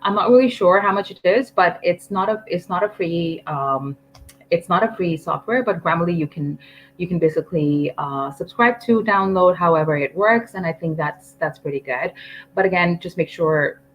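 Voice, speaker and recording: A woman's voice: on the low side, normal speed, a little hiss or hum, poor audio. A woman teaching English on a live stream, chatty and firm, reading out viewer comments with lots of ums.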